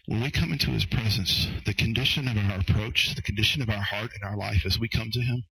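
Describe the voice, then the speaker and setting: A man's voice: fairly low pitch, fast talker, vocal fry, sharp tone, slightly rough, no room sound, poor audio. A male pastor preaching a sermon, emphatic and repeating his phrases as he addresses the congregation directly.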